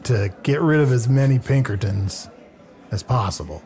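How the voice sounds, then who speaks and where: A man's voice: mid-range voice, expressive, normal speed, dark tone. A man improvising a character in a role-play, scheming and exasperated. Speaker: player.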